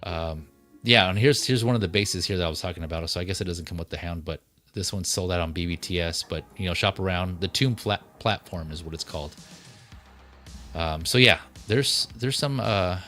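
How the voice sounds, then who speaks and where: Soft music plays behind a low-voiced man hosting a casual collectible-figure livestream. Fairly quick and relaxed, he rambles along with many fillers and restarts.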